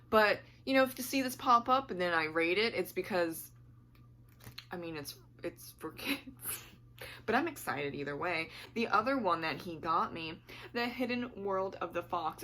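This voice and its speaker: A woman's voice: medium pitch, animated, unhurried, sharp tone, a little hiss or hum. A woman book vlogger chatting casually to camera at home, rambling and laughing often, her voice slightly worn.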